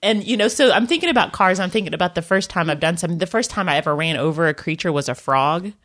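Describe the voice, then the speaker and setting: A middle-aged woman telling a story in casual chat, animated and often laughing. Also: lowish voice, fast.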